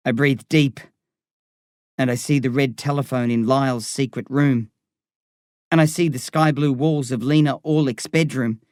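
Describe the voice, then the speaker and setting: A man reading a novel aloud in first person, with measured, vivid storytelling. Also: fairly high pitch, darkish tone, no room sound, studio quality. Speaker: audiobook reader.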